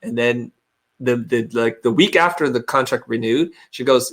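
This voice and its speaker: A man's voice: medium pitch, normal speed, a bit bright. Candid storytelling man on a video call. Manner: candid, storytelling, frequent restarts. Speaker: guest. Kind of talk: webinar interview.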